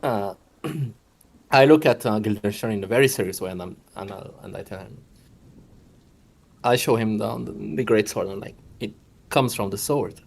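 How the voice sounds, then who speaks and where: A man's voice: on the low side, normal speed, creaky, long pauses, darkish tone. A man playing his character in a tabletop game, speaking hesitantly with fillers and restarts. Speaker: player. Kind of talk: in-character role-play.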